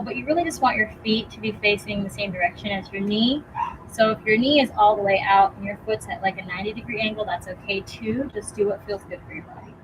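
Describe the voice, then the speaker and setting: A young woman teaching a yoga class outdoors, giving calm, encouraging cues with casual fillers, a bit out of breath. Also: a little high, noisy background. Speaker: yoga instructor. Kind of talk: guided yoga class instruction.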